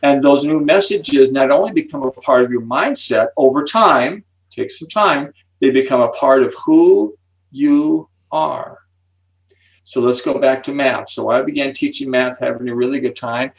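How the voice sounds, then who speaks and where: Gravelly older man explaining with enthusiasm. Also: medium pitch, moderate pace, recorded from a distance, poor audio. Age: 70s. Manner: animated, builds suspense with "ready? here we go". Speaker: psychology speaker and author, interview guest.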